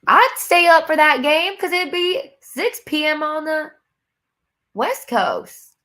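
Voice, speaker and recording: Speaking slowly in a high, very animated voice with a sharp tone, a young sports podcast host chats with her viewers on a casual live stream. She's bubbly and talkative, broadcasting from a home room near a window.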